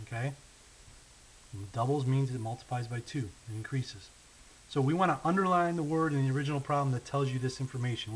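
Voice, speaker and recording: In a recorded lesson walkthrough, a patient man teaches math aloud, thinking through it as he writes and slowing down on the key numbers. He checks in often with "okay?" and "right?" His medium-pitched voice comes through a rough recording with faint hiss.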